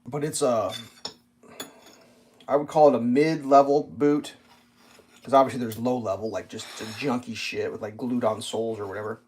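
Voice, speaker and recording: A man's voice: medium pitch, fairly even intonation, normal speed, long pauses, a little mellow. Rambling, foul-mouthed man ranting casually. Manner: rambling and profane, with many fillers. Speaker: channel host. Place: at a breakfast table.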